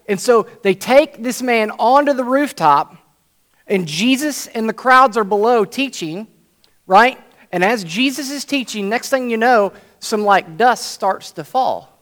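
Male preacher with a high voice, animated storytelling sermon that acts out each scene.

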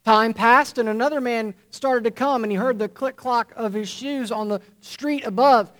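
Preaching to the congregation, this male pastor uses a fairly high voice with a fairly bright tone. He repeats himself and stresses words deliberately, assembling his earnest, measured message one phrase at a time.

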